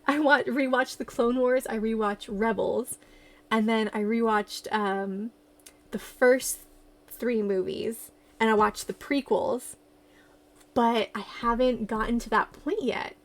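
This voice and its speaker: A woman livestreamer in casual chat, excitable and giggly as she gushes like a fan. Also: a little high, slow.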